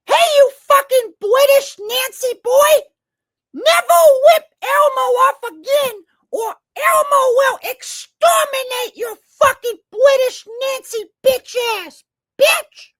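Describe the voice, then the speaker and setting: Super high squeaky puppet monster, yelling and cussing real slow. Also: male voice, no room sound, studio quality, heavily acted. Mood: angry mocking. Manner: shouting, swearing, slow squeaky rant. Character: furious squeaky red puppet monster, foul-mouthed. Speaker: comedian.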